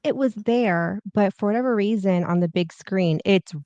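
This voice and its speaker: A woman's voice: mid-range voice, moderate pace, dark tone, dry recording. Easygoing woman on dull audio. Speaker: film review co-host. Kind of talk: casual review chat.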